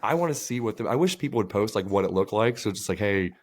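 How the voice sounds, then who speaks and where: A man's voice: on the low side, expressive, fast talker. A man co-hosting a podcast, telling rambling, profane stories in casual chat. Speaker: podcast co-host.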